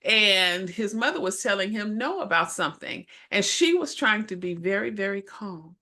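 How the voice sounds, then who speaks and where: A middle-aged woman co-hosting a chat show as a minister, telling stories in a lively way and acting out the people in them. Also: mid-range voice, normal speed. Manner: animated storyteller who acts out voices. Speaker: co-host and minister. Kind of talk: casual storytelling chat.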